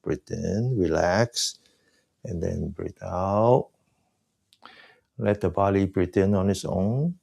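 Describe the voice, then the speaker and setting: A man teaching a breathing class, giving slow, soft guided cues and explaining with more energy. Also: low voice, creaky, husky. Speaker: breathing exercise instructor.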